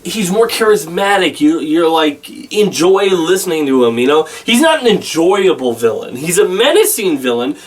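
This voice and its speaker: A man with a somewhat high voice talks through a film review in a loose, rambling way, stopping and restarting his sentences often. He sits a little back from the microphone, so his voice sounds slightly distant. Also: sing-song. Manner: rambling, halting, with many restarts and fillers. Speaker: movie reviewer. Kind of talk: casual spoken film review.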